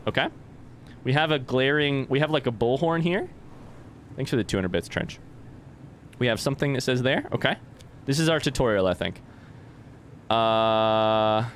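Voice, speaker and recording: A man's voice: mid-range voice, slight background noise. A young man casually commenting on a game as he plays, chatty and reading on-screen text aloud. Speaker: let's play streamer. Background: game music.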